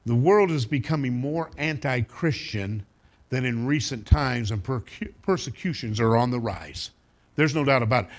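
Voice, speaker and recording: A man preaching a sermon to a congregation, animated and emphatic, sometimes acting out the voices of others. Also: mid-range voice. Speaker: pastor.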